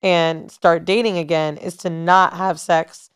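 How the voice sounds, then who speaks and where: A woman co-hosting a podcast talks in a lowish, smooth voice. She is blunt and profane and gives advice in casual studio chat. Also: level tone, a little slow. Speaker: podcast co-host.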